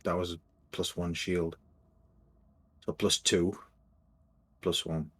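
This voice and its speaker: A man's voice: low-pitched, flat delivery, slow pace, a bit bright, breathy edge. A man playing a tabletop game, easygoing, reeling off numbers and explaining his gear. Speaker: player. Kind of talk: casual tabletop game chat.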